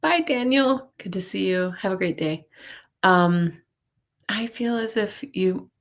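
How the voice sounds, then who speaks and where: A woman hosting a live stream of tarot readings, talking in a chatty, hesitant way with many fillers and soft laughs, reassuring her viewers. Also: lowish voice, slow. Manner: warm reassuring intuitive tone. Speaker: intuitive reader, stream host.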